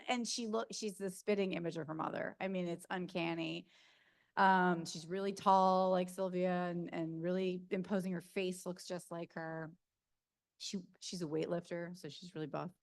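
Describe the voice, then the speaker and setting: A middle-aged woman with a South Jersey accent answers audience questions at a reading, telling stories casually with lots of fillers and frequent laughter. Her voice is lowish, gravelly, and fairly even in intonation, at a normal speed. The casual Q&A in a university event room was captured over Zoom.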